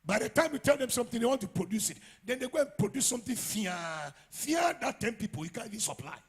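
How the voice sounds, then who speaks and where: A man with a Ghanaian English accent preaching a sermon as pastor, swinging from quiet asides to loud shouts. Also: very high voice, big pitch swings, quick pace, slightly rough. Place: church.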